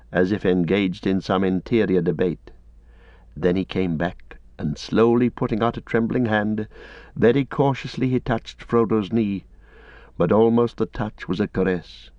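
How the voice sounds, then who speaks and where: Brief: male audiobook narrator, measured storytelling, low voice, dry muffled lo-fi sound. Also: darkish tone, no room sound. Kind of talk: scripted narration. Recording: dull lo-fi recording.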